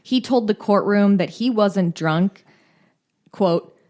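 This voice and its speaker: A woman's voice: mid-range voice, measured pace, darkish tone. A woman co-hosting a podcast, reading case details in a casual true-crime storytelling style with joking, irreverent asides. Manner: reads case notes with joking asides and profanity. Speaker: podcast co-host.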